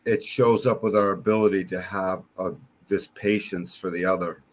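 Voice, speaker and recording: Low-voiced man host coaching his guests. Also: steady tone, moderate pace, slight background noise. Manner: coaching, asks probing questions. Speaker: host and reader. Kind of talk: casual interview chat.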